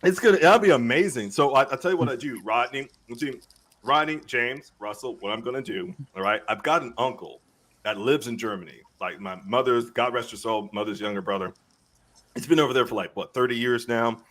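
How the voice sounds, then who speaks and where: A man's voice: mid-range voice, a little fast, a bit bright. A man co-hosting a casual comedy podcast, rambling through a joking story and laughing often. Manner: rambling, laughs often, puts on silly voices. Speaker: podcast co-host.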